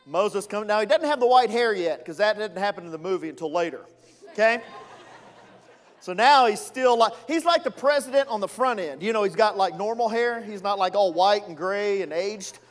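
A man's voice: high-pitched, long reverb tail. A male executive pastor preaching a sermon in a playful, conversational way, with asides to the congregation.

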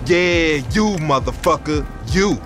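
An actor voicing an aggressive young male street gangster in video game dialogue, confrontational and full of rapid street slang. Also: a little high, music in the background.

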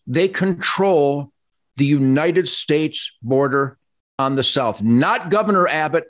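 A man with a high voice delivers impassioned political commentary as a show's host. He hammers each point with emphatic, stacked repetitions. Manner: emphatic, piles up repeated phrases. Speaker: show host.

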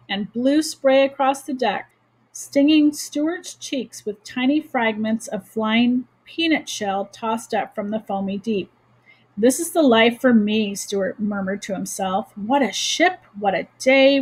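A woman teacher reading a children's chapter book aloud in a steady, expressive storytelling manner. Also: fairly high pitch, husky, low-quality recording.

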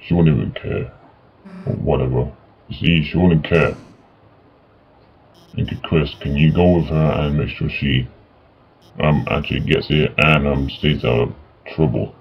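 A man playing a video game and reading the characters' lines aloud in his own voice, halting and full of fillers, on a dull lo-fi mic. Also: extremely low pitch, vocal fry, husky. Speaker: gaming YouTuber. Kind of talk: let's play, reading game dialogue aloud. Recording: dull lo-fi mic with faint music.

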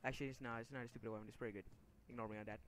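A man's voice: mid-range voice, steady tone, rapid-fire, a bit bright, a little hiss or hum. A young man commenting over his own gameplay, frustrated and swearing, with sudden angry outbursts between mumbled asides. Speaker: gaming video creator.

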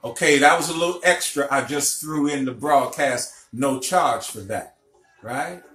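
Slow, bright-voiced man lecturing. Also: medium pitch. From Illinois, USA. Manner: emphatic storyteller, checks in with listeners. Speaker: spiritual teacher. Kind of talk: recorded lecture broadcast. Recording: echoey room, faint music behind.

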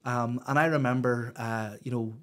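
A man's voice: mid-range voice, steady tone, normal speed, a bit bright. A middle-aged man with a Northern Irish accent, a podcast guest telling stories in a rambling, blunt, sweary way. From Northern Ireland. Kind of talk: casual storytelling chat.

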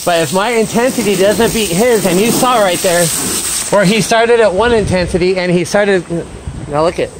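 A dog trainer vlogs from a yard full of dogs, giving casual, upbeat commentary on their behaviour and calling each by name between explanations. His voice sits high and his pace is moderate, against a noisy background.

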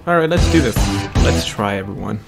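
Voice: low voice, very animated, fairly quick, gravelly. A gaming channel host chatting casually and laughing a lot while playing. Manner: laughs a lot, teasing and upbeat. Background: game music.

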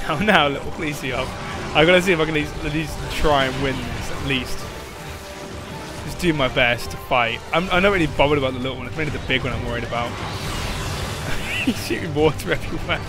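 A man's voice: a little high, fairly quick. A man doing casual gameplay commentary, giggling and laughing through his words. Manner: giggly, keeps breaking into laughter. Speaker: gameplay video host. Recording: game music behind the voice.

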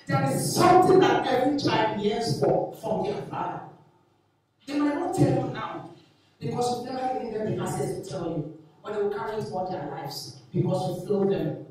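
A woman's voice: a little high, expressive, normal speed, darkish tone. A woman in her forties, a family teacher giving an earnest, impassioned talk to an evening audience and repeating her points for emphasis. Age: 40s. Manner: earnest, repetitive, builds to emotional emphasis. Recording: very echoey hall, distant mic.

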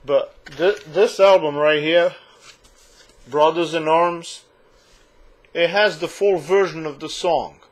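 An indignant man delivers a sarcastic rant straight to camera, cursing as he goes. His voice sits a little high for a man, and he takes his time, drawing the words out slowly. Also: fairly even intonation. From United States. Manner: indignant, sarcastic, swears freely. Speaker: vlogger. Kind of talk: ranting monologue to camera.

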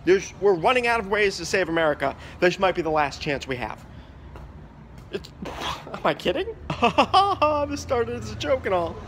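A man talking to camera outdoors on city streets, joking through a mock presidential campaign with drawn-out, sing-song slogans. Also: high-pitched, very animated, fairly bright tone, slight background noise. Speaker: vlogger running a joke presidential campaign. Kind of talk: casual vlog to camera, mock campaign speech.

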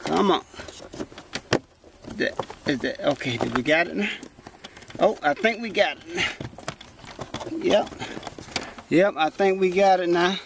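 A chatty man, pitched high for a man, walks viewers through a repair from inside a parked car, exclaiming as he goes. His camera sits close while he works, with a faint hiss behind him. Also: unhurried, gravelly, long pauses. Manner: chatty, exclaims often, talks straight to viewers. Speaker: vlogger. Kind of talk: casual how-to car repair vlog.

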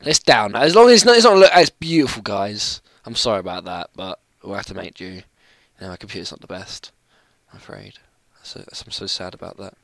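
A young man talks through his gameplay in a casual, rambling way. His voice has a bright, forward edge, and he apologizes often while reacting loudly to the game. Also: fairly low pitch, expressive, fairly quick, hardly any pauses, dry recording. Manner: chatty, apologetic, laughs and yelps at the game. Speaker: gaming channel host.

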